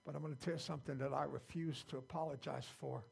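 Older man, pastor, church sermon, gravelly, very husky, folksy, repeats phrases. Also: mid-range voice, steady tone, fast talker, hardly any pauses. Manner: plain-spoken, folksy, repeats himself. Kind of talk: informal sermon.

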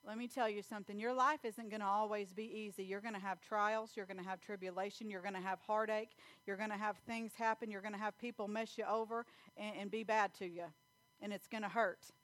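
A woman's voice: mid-range voice, fairly even intonation, brisk, fairly bright tone, dry recording. A woman preaching a folksy sermon, telling family stories and reading scripture. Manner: folksy storytelling with Bible reading, laughs often.

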